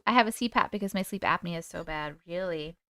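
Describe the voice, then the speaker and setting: A woman hosting a live stream, reading viewer comments aloud and greeting people in a bubbly, chatty way with a high, squeaky voice. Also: fast talker, a bit bright, dry recording. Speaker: host reading live chat. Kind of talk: casual live-stream chat.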